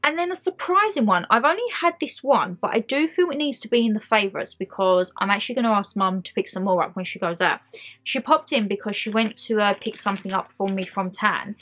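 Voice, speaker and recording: A woman's voice: medium pitch, fairly quick, fairly bright tone. A young woman chatting enthusiastically to camera about her monthly favourites at home. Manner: chatty and enthusiastic, talks straight to viewers. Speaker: beauty and lifestyle vlogger.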